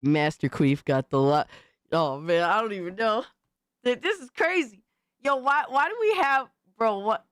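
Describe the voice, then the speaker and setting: An excitable woman hosts a casual livestream, swearing freely and talking in street slang. Her pitch leaps up and down constantly. The sound is close and dry, with no room echo. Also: unhurried. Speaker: livestream host.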